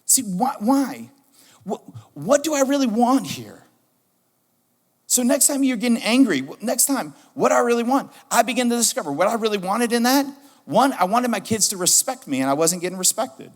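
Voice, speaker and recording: Man, pastor, sermon, high-pitched, animated, repetitive questions, echoing church hall. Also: normal speed. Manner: animated, repeats key questions for emphasis. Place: church sanctuary.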